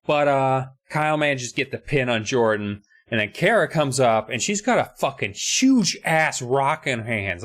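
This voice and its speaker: A man's voice: mid-range voice, expressive, normal speed, hardly any pauses, fairly bright tone. A man co-hosting a podcast in casual chat, recapping a book in a sarcastic, profane, rambling way. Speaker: podcast co-host.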